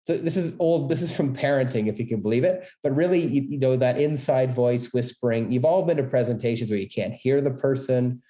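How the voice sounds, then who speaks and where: A middle-aged man, a business school dean, giving an energetic, quick-paced webinar talk on presenting. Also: mid-range voice. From Canada. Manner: fast, energetic talker with many quick asides. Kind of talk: presentation tips lecture. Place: room, webinar. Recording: roomy echo.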